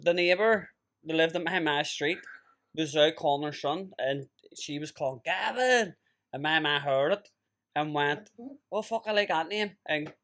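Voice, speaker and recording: A man's voice: fairly high pitch, normal speed, fairly bright tone. A man, co-hosting a podcast in casual chat, bantering, swearing and tripping over his words.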